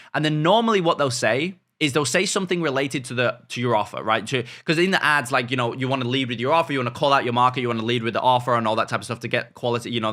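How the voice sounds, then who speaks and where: A young man coaching on sales, talking fast and energetically with many fillers and check-ins like "right?" and "okay?". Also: mid-range voice, pushed and bright. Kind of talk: business coaching talk to camera.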